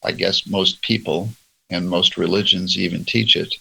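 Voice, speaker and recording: A man leading a church roundtable, reading religious passages aloud in a slow, measured way. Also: deep voice, fairly even intonation, vocal fry, bright, forceful tone, husky, rough recording. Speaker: church discussion leader. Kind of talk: reading and discussing religious texts.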